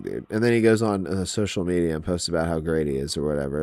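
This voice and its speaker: Low-voiced man ranting, swearing freely. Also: quick pace, no room sound. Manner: profane, exasperated, animated. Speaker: wrestling podcast host. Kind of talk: casual ranting predictions.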